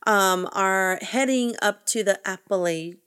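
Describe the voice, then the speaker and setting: A woman talks through a film plot in casual podcast chat. She rambles, restarts her sentences and breaks into laughs. Her pitch and tone sit at an average level. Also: measured pace, fairly bright tone, clean tone. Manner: rambling, self-correcting, laughs easily. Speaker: podcast co-host. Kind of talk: casual movie recap chat.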